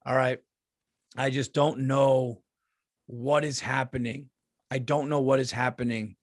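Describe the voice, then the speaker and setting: A man's voice: medium pitch, no echo, clean studio sound. A middle-aged man, a comedian hosting his podcast, ranting in a casual, profane monologue and often repeating himself.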